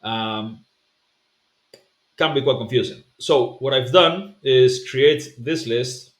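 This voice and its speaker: A man's voice: mid-range voice, takes it slowly. A man giving a pronunciation lesson as a language coach, explaining patiently with fillers and repeating sounds to demonstrate them. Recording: roomy echo.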